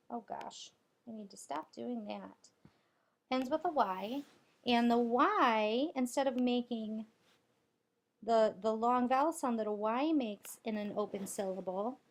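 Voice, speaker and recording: A woman teacher with a fairly high, gravelly voice gives a spelling lesson for young children. She talks slowly and deliberately, sounding out letters and clapping out syllables one by one.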